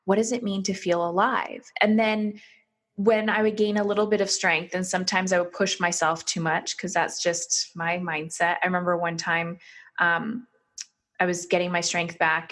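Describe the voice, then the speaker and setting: A woman's voice: fairly low pitch, flat delivery, moderate pace, a bit bright. A woman on a podcast, candidly telling her own story and quoting herself and others in dialogue.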